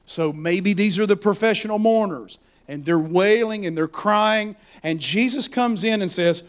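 A male preacher with a notably high voice delivers a dramatic sermon. He drops into hushed, almost whispered asides, then builds to loud and fervent exhortation. His delivery is emphatic and full of swings in intensity. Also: a little slow, few pauses.

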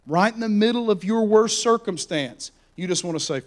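A male preacher with a notably high voice delivers a dramatic sermon. He drops into hushed, almost whispered asides, then builds to loud and fervent exhortation. His delivery is emphatic and full of swings in intensity. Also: animated, normal speed, hardly any pauses.

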